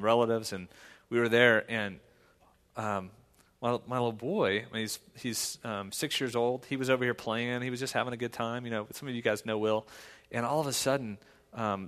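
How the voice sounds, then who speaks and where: A man, a pastor, preaching a sermon in a conversational storytelling way that swings to loud, emphatic points. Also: medium pitch, long reverb tail.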